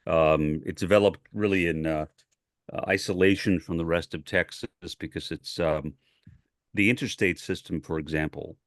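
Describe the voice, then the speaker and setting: An older man from New York City, a former radio newscaster with General American speech, chatting in a measured way with pauses. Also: deep voice, steady tone, dry recording, studio quality. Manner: measured, trained broadcast delivery with many pauses. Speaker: guest. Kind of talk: casual chat.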